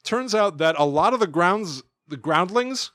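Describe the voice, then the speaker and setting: A man's voice: high-pitched, measured pace, dry recording, clean studio sound. A man in his thirties co-hosting a podcast, retelling a story in casual chat and acting out bits of it. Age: 30s. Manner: animated storytelling, acting out lines with laughs. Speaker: podcast co-host.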